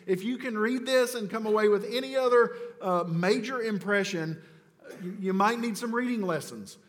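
A man preaching a sermon, who swings between loud, urgent declarations and low, slow, quiet emphasis, and drops casual asides into his scripture teaching. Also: big-room sound. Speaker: pastor.

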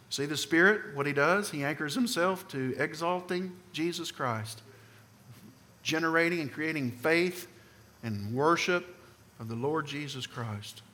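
A man preaching in a church hall, with a fairly high, bright and forceful voice. He drives his points home and keeps asking the congregation whether they follow. A long reverb trails each phrase. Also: lively intonation, measured pace. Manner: emphatic, questions the congregation, swings between loud and soft. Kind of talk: sermon.

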